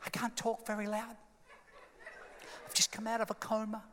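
A man doing a faint, hushed young woman. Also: extremely high pitch, little pitch movement, a little fast, noisy background. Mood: weak. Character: weak young woman waking from a coma. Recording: long hall reverb.

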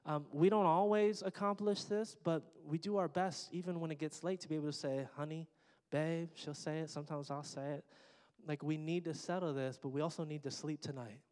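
With a fairly high, steady, a little mellow voice, a middle-aged pastor preaches a little fast. His sermon is conversational and sprinkled with jokes for the congregation, recorded in a church sanctuary with long hall reverb.

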